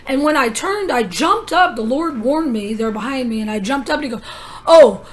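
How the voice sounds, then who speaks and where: A woman's voice: sits high, animated, fairly quick, fairly bright tone. A woman vlogging in a rambling personal monologue, telling her story in an urgent, conspiratorial way with many asides.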